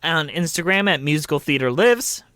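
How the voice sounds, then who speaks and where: High-voiced man chatting and giggling. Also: lively intonation, moderate pace, sharp tone, no echo, studio quality. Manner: giggly, laughs often while talking. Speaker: podcast co-host. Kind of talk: casual chat.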